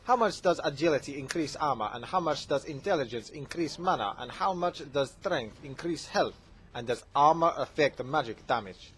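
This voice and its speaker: A man's voice: on the high side, animated, moderate pace, fairly bright tone. A man putting on a voice to read out a polite, formal question from a male viewer.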